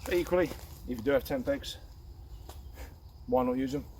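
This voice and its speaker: A man casually explaining a camp setup outdoors in the woods, chatty and relaxed, with frequent fillers. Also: medium pitch, moderate pace. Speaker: outdoor channel host.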